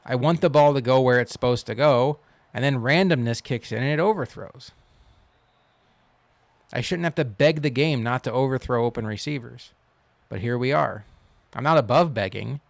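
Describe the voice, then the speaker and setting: Gravelly man commenting on his own gameplay. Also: mid-range voice, moderate pace, no room sound. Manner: wry, complains about the game then cheers loudly. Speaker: gaming channel host. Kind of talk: casual video game commentary.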